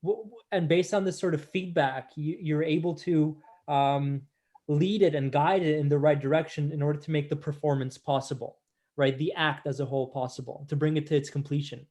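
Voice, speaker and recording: Higher-voiced man summarizing thoughtfully. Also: fairly even intonation, a little fast, dark tone. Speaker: podcast host. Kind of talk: conversational interview.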